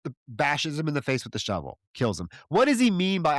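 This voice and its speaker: A man's voice: a little high, wildly swooping pitch, fairly quick, no room sound, studio quality. A man co-hosting a podcast, recapping a film plot casually with exasperated, profane remarks. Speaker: podcast co-host. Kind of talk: casual film review chat.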